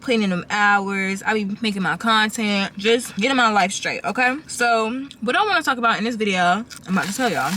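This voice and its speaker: A young woman of twenty-one talks frankly and casually to her viewers, her voice bright and a touch stuffy from a cold. She sounds close to the mic in her car, with a faint background hum. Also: mid-range voice, brisk, few pauses. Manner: chatty, frank, calls viewers y'all. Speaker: vlogger. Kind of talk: casual advice chat to camera.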